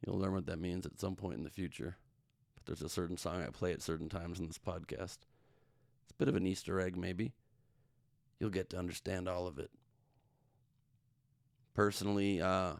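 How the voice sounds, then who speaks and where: Middle-aged guy doing a solo podcast, lowish voice, smooth and dry, jokey and rambly. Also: no room sound. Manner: joking, rambling, self-mocking asides. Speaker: podcast host. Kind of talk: solo comedic news podcast monologue.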